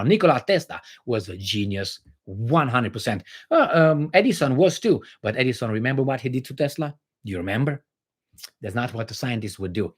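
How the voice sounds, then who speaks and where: A man with a medium-pitched voice hosts a livestream, reading out viewer comments and offering blunt opinions. The chat is casual and full of fillers and restarts.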